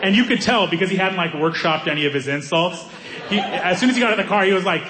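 A man doing stand-up comedy, telling a story in an animated way and acting out the people in it. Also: sits high, fast, a crowd in the background. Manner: animated, acts out characters' voices.

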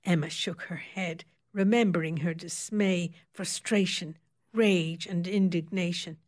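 A woman reading a novel aloud as audiobook narrator, in steady, expressive storytelling. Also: lowish voice, measured pace. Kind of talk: scripted narration.

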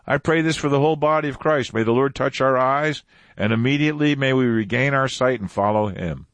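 A man's voice: medium pitch, brisk, no echo. A man teaching a Bible passage in a conversational way, repeating phrases for emphasis. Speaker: preacher.

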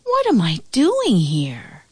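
A woman voicing a frightened, excited little boy in a storybook read-aloud, with high, breathless exclamations. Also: slow pace, slightly rough, no echo, studio quality, heavily acted.

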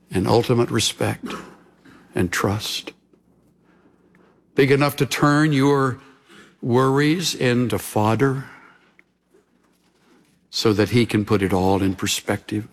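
This pastor preaches a sermon in a lowish voice, measured and earnest, sometimes dropping into hushed, intense passages.

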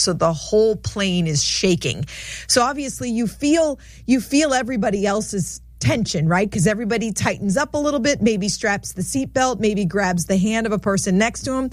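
A woman's voice: medium pitch, no room sound, clean studio sound. A woman co-hosting a casual faith talk show, retelling anecdotes in a conversational way. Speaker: co-host.

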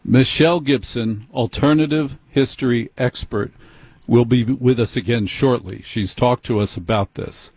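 Slow husky-voiced male host. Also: mid-range voice, darkish tone, no echo. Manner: measured, emphatic, lists things one by one. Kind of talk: slow deliberate monologue.

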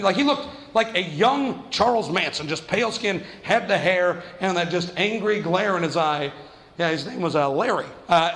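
High-voiced profane stand-up comic man. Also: a bit bright, in a large hall. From New Mexico. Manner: profane, self-mocking, acts out voices. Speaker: stand-up comedian. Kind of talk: stand-up storytelling.

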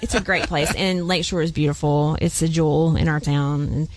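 A woman's voice: low voice, fairly even intonation, fairly quick, no room sound. A woman guest in an interview, talking upbeat and enthusiastically about her organization's fundraisers. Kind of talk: casual interview chat.

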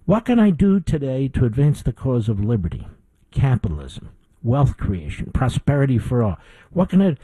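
A man's voice: medium pitch, big pitch swings, moderate pace, mellow, husky, dry recording, low-quality recording. A middle-aged man hosting a political talk show, delivering an indignant opinion monologue with emphatic repetition.

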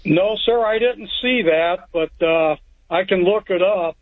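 A male caller heard over a tinny phone line, his voice high for a man. He tells his story in a plainspoken, rambling way and restarts his sentences. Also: a little slow. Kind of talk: telling a story on a call-in show. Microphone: telephone.

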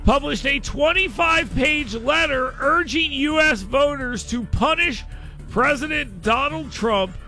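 Sarcastic high-voiced talk radio man. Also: takes it slowly, soft background music. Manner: sarcastic, mocking, shifts between mutters and loud outbursts. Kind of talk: opinionated talk radio monologue.

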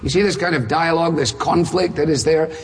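A man's voice: on the high side, a little fast, slightly rough. A man preaching a sermon, firing off emphatic rhetorical questions with touches of dry humor. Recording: reverberant hall.

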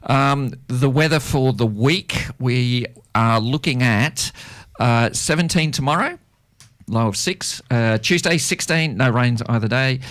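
A man's voice: medium pitch, measured pace, fairly bright tone. A man hosting a casual radio chat show, reading the weather and laughing often with his guests. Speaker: radio host.

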